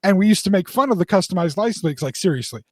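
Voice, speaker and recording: Man, 40s, podcast co-host; higher-pitched voice, dry and close, chatty storyteller who restarts his sentences. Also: very fast, dry recording. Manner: rambling, animated storyteller with restarts. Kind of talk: casual storytelling chat.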